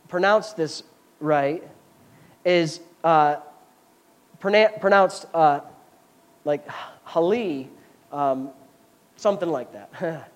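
Pastor, male, fervent sermon delivery with conversational asides while teaching scripture. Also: high-pitched. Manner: fervent preaching with scripture reading; explanatory, chatty asides.

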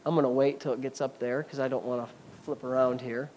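A man's voice: mid-range voice, fairly even intonation, fast, a little mellow, slight background noise. A man preaching a sermon, reading scripture and explaining it with chatty, fervent asides. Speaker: pastor.

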